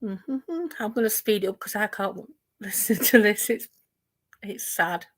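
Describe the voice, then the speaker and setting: A commentary channel host, this woman mocks and taunts the people she discusses in a reaction commentary video. Her voice is mid-range and a little slow.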